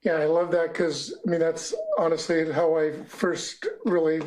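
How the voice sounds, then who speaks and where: Male host, higher pitch, encouraging, conversational. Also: little pitch movement, moderate pace, poor audio. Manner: warm encouraging interviewer, affirming interjections. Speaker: podcast host. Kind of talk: casual chat.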